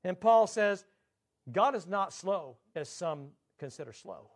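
A man preaching a sermon, emphatic, drawing out scripture quotes slowly and swinging his pitch up and down. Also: expressive. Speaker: pastor.

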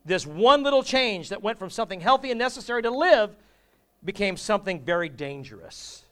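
Brief: male pastor, conversational sermon with humor, slightly high pitch, turns questions on the crowd. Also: very animated, fairly quick, bright, forceful tone, smooth. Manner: humorous, conversational, asks the congregation.

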